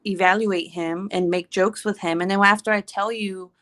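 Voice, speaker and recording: A woman in her thirties chatting casually to camera, telling an animated story full of quoted voices. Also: medium pitch, moderate pace. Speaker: vlogger. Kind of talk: casual chat.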